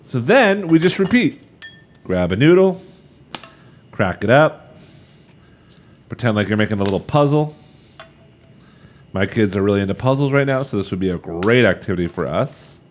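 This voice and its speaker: A man's voice: on the low side, very animated, normal speed, pauses often, a little hiss or hum. A man in his thirties leading a live cooking demonstration, chatty and upbeat, talking straight to the viewers as he works. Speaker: cooking instructor.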